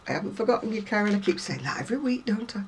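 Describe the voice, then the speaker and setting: A woman's voice: mid-range voice, animated, very fast, background noise. A woman chatting casually to viewers about craft magazines, rambling and self-deprecating, a little unwell. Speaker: craft vlogger.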